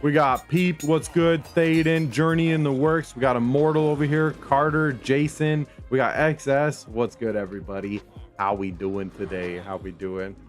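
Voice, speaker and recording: A young man streams a video game from his room, talking to his viewers in a relaxed, slangy way and calling them brother and homies. His voice sits at an ordinary middle pitch. Faint music plays softly behind him. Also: normal speed. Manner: laid-back, slangy, talks to chat as homies and brother. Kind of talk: casual live-stream chat while gaming. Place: home room.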